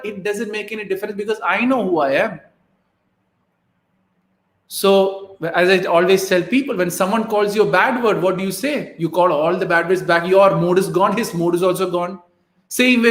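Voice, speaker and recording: A man hosting a live show as a life coach, giving motivational advice emphatically and often checking in with "right?". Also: high-pitched. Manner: emphatic, keeps asking "right?" to the listener. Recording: echoey room.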